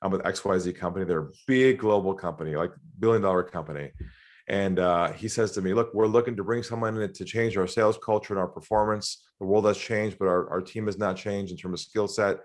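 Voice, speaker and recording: A middle-aged Australian man telling sales stories in an interview, animated, often acting out the voices of the people in them. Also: low-pitched, fairly quick. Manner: animated storyteller, acts out quoted voices, laughs often. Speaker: sales trainer guest. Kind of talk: storytelling interview talk.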